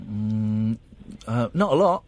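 A man hosting a late-night radio phone-in, bantering quick-wittedly and teasing his callers. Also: fairly low pitch, animated, a little mellow. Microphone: studio microphone.

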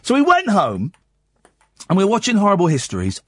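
A man's voice: high voice, huge pitch swings, fairly quick, no echo, studio quality. A middle-aged man, a late-night radio host telling rambling family stories and acting out the dialogue. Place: radio studio.

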